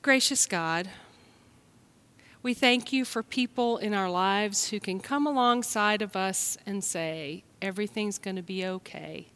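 A woman from the United States, a pastor telling a children's story and preaching a sermon in a gentle storytelling manner. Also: medium pitch, expressive, takes it slowly. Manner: gentle, storytelling, speaks straight to listeners.

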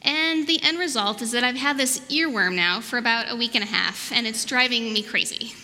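A woman's voice: a little high, fairly quick. A woman pastor giving a children's message and sermon in a church sanctuary, coaxing and asking questions. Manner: warm, coaxing, asks questions. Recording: reverberant church hall, faint noise.

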